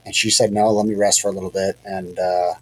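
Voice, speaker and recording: A man's voice: low-pitched, little pitch movement, fairly quick, husky, rough recording. A man casually telling a hunting story on a podcast, rambling and self-deprecating, with many fillers and restarts.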